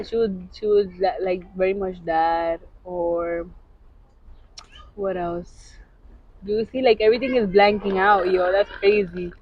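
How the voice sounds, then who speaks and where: A woman co-hosting a podcast, telling a personal story in casual confessional chat, halting with many restarts. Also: mid-range voice, muffled recording. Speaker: podcast co-host.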